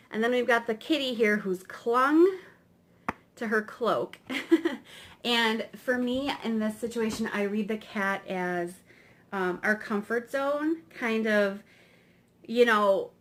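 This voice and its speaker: A woman's voice: fairly high pitch, fairly bright tone. Chatty woman tarot reader. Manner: chatty, rambling, tag questions. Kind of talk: casual explanatory lesson.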